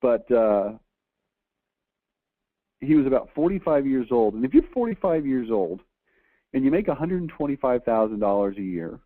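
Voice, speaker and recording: A man's voice: mid-range voice, big pitch swings, moderate pace, long pauses, no echo. Man in his forties, tinny phone-like sound. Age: 40s. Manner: emphatic, repeats phrases for effect. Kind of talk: motivational storytelling.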